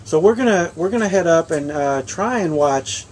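A man's voice: fairly high pitch, expressive, moderate pace, darkish tone, a little hiss or hum. A man from Minnesota chatting casually at his home, telling a story in an easygoing way. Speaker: vlog co-host. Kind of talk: casual chat.

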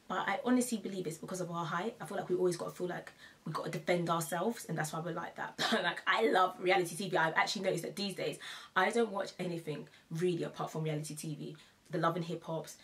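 A woman's voice: lowish voice, fairly bright tone. A young woman vlogging in a casual, chatty way, laughing often and repeating herself for emphasis. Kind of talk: casual to-camera chat.

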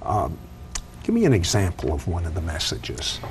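A man hosting an interview, asking gentle, prompting questions about faith. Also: low-pitched, huge pitch swings, moderate pace, creaky, a little hiss or hum.

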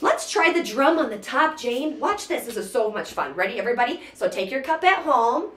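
Music teacher for toddlers, bright high sing-song woman, roomy echo. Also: very animated, a little fast, slight background noise. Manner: bouncy sing-song counting and chanting. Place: indoor room, sitting on floor.

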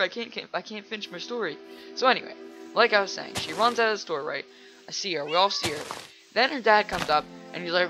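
A man giving casual let's play commentary while he plays, rambling chattily with lots of fillers and breaking into loud excited reactions to the game. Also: sits high, quick pace, music in the background. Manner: rambling and chatty, full of "like" and "you know".

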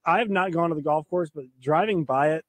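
Male co-host, high voice, loose and casual. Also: brisk. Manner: casual, says 'like' a lot. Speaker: radio co-host. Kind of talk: morning radio banter.

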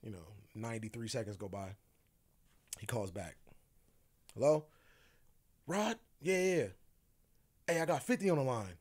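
A man with a voice of middling pitch, talking as a podcast guest. He tells his story casually, acts out each person's quoted lines and laughs often along the way. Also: expressive, moderate pace, pauses often, darkish tone.

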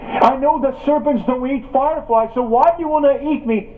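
A man's voice: very high-pitched, moderate pace, a little hiss or hum, pitched above the performer's own voice. A man voicing a small male firefly in a sermon story, asking pleading questions. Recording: tinny phone-like sound.

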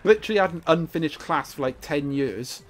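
Excitable gameplay commentator. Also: mid-range voice, brisk. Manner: joking, excitable, playful sing-song asides.

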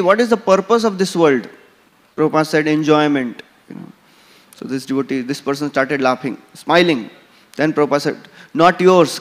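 A man with an Indian English accent giving a scripture class and telling stories, with frequent "you know" fillers. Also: a little high. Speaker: temple lecturer. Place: large temple hall. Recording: temple hall with long reverb.

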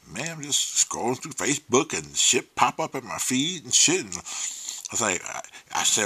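A man's voice: medium pitch, big pitch swings, normal speed, bright, forceful tone, slightly rough. A man hosting his own livestream, talking candidly and emotionally, swearing freely and sometimes dropping to a near-whisper. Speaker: host. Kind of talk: casual livestream monologue.

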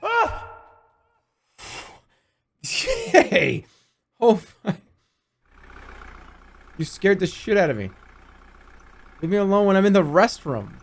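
A man in his thirties playing a video game, swearing and swinging between low mutters and excited yelps. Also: unhurried, long pauses. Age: 30s. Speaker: streamer. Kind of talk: let's play commentary.

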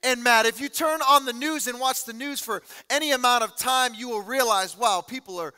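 Guy pastor preaching, real high bright voice, animated storyteller, big echoey church hall. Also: normal speed, clear, resonant tone. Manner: animated, acts out quotes, laughs often. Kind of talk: sermon storytelling.

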